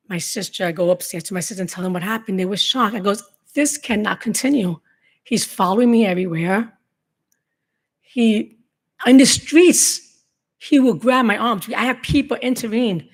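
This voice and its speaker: A middle-aged woman telling her own story to a room of law enforcement, in a halting, emotional testimony full of restarts. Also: mid-range voice. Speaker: survivor giving a talk to law enforcement. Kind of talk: personal testimony speech.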